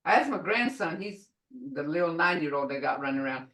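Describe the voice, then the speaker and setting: A woman teaching a beginner language class over a video call, slowly sounding out each syllable for her students. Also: sits low, lively intonation, a bit bright. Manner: slow, deliberate, sounding out syllables.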